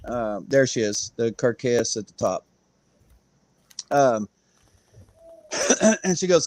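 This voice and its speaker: On a crypto livestream, a guest tells a meandering story with frequent laughter and performed quotes. He speaks slowly with long pauses, in an animated, medium-pitched voice that's a little mellow. No echo is present.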